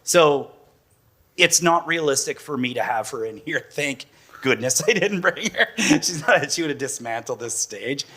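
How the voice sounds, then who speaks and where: Bright-voiced chatty father. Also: mid-range voice, expressive, a little slow, husky. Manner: chatty, says "like" often. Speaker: father of a patient, guest. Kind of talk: casual stage conversation.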